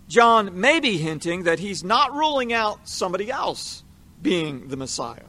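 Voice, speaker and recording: A man giving a measured, explanatory Bible teaching, leaning into the verses he quotes. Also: high-pitched, fairly bright tone.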